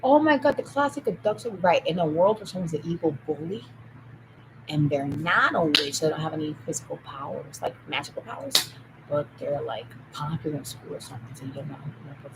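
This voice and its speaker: A woman in a rambling solo monologue who jumps between topics, swears, and swings from loud outbursts to low mutters. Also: fairly quick, very noisy.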